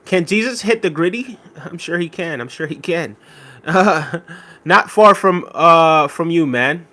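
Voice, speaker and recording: A man's voice: fairly high pitch, animated, measured pace, sharp tone. A man hosting a casual live stream, reading viewer comments aloud and thanking them by name. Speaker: livestream host reading chat.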